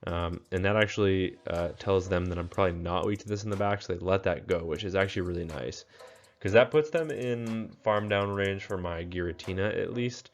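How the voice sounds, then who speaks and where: A young man giving relaxed gameplay commentary, tired and full of fillers. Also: sits low, fairly quick, a little hiss or hum. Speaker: game commentator.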